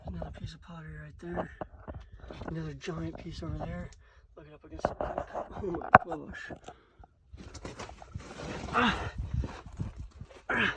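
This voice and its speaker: A man vlogging while he crawls through a cramped desert rock cave, straining and exclaiming in excitement. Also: a little high, very noisy. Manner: excitable, keeps exclaiming in wonder. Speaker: hiking vlogger. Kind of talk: casual handheld narration while exploring. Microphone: handheld camera he films with.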